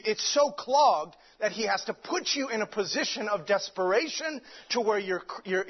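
A man's voice: very high voice, breathy edge. A man preaching a sermon with fervent delivery, stumbling over restarts and many fillers. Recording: dull lo-fi recording.

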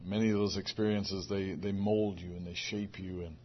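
A man speaking quietly and reflectively to a fellow minister, with halting pauses. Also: sits low, little pitch movement, dull audio.

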